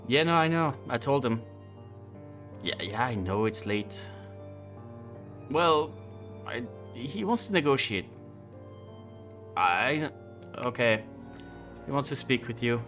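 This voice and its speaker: A brusque hotel manager with a heavy Italian accent, as a man puts him on in a tabletop game. He talks fast and bargains smoothly, his pitch rising and falling a lot. Soft music plays behind him. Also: big pitch swings. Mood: hurried. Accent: Italian, put on. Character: brusque male hotel manager woken at night. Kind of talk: tabletop role-play voicing.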